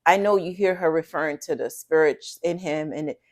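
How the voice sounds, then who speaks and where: A woman's voice: low-pitched, fairly quick. A woman co-host giving earnest faith-based commentary, speaking straight to the audience in a teaching tone.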